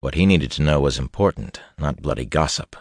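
A man narrating a fantasy novel in a measured, steady storytelling voice. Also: rumbling low, no echo, studio quality. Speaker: audiobook narrator.

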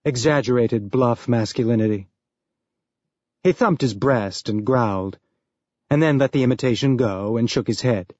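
A man reading an audiobook as narrator, in an even, measured storytelling manner. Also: medium pitch, dry recording. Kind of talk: scripted narration. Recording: dull lo-fi dry recording.

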